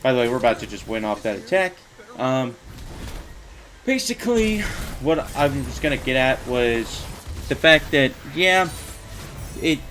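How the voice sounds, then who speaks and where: A man's voice: mid-range voice, fairly bright tone, a little hiss or hum, low-quality recording. A young man giving casual, rambling commentary over his own card-game run, full of fillers and mild frustration. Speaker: gaming YouTuber.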